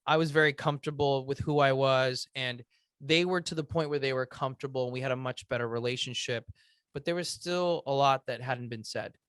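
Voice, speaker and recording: A man in his thirties, a podcast guest, earnestly telling an emotional personal story, halting often with "um" and restarts. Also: mid-range voice, fairly bright tone, smooth, no room sound.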